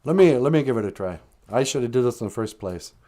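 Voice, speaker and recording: A man's voice: medium pitch, animated, quick pace, warm tone, natural voice. A man voicing a boastful, cocky male loon. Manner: brash, cocky.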